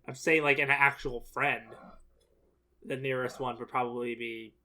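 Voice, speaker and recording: A man's voice: medium pitch, fairly even intonation, normal speed, pushed and bright. A man chatting casually as a reaction co-host, rambling and defensive and often restarting his sentences. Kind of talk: casual chat.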